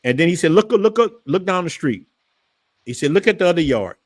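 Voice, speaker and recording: Telling stories in easygoing conversation, this host from New Orleans, Louisiana talks a little fast in a clear, dry voice without room sound. When he imitates his father, he gets lively and his voice rises sharply.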